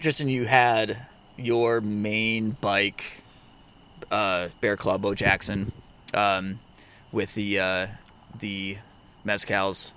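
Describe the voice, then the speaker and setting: A man's voice: fairly low pitch, level tone, very slow, long pauses, sharp tone. Guy hosting a podcast, curious and teasing questions, faint noise behind. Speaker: podcast host. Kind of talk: casual interview chat.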